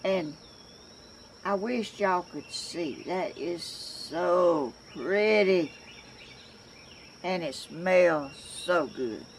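Older southern woman, gravelly voice, slow rambling chat, faint outdoor hum behind. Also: lowish voice. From Georgia, US. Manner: rambling, chatty, with many restarts. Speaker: crafts vlogger. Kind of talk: casual chat to camera.

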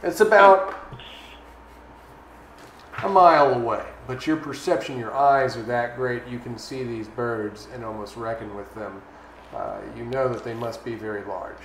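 A man's voice: mid-range voice, unhurried. Game master guy narrating, middle voice, echoey room, bit of hiss. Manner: steady, descriptive narration with prompts for rolls. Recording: echoey room, faint noise.

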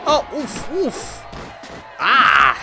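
A young man commentating a wrestling video game, loud, excitable and crude, trash-talking the opponent. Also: very high voice, extremely slow, vocal fry, soft background music. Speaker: gameplay commentator. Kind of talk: let's play commentary.

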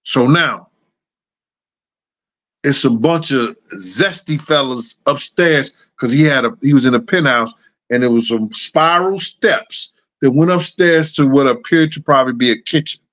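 A man's voice: medium pitch, measured pace, fairly bright tone. Middle-aged male host spinning loose anecdotes off the cuff, chuckling, mid-range voice, slightly dull line. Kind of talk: casual storytelling.

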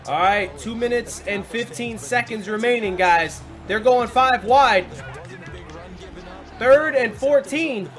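A young man commentating his football video game play, excitable and frequently swearing and yelling at the players. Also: very high voice, measured pace, soft background music. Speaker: gaming commentator.

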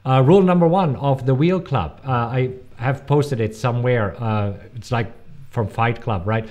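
A man's voice: medium pitch, moderate pace, a little mellow. A man with a German accent, hosting a live-stream Q&A. He answers viewers' questions with emphatic warnings and many fillers. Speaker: host.

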